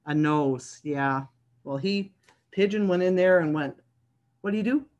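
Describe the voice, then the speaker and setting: A woman who is a children's librarian, hosting a story time over a video call and talking warmly to young children. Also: on the low side, measured pace. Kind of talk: read-aloud story time for kids.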